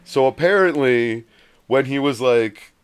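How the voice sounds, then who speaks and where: Man, mid-pitched and smooth, casual rambling storyteller who acts out the quotes. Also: measured pace.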